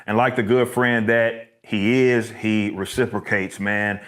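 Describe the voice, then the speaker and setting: A man giving a measured, reflective apology to his audience in a recorded video. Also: fairly low pitch, flat delivery, a bit bright. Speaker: business owner addressing his audience.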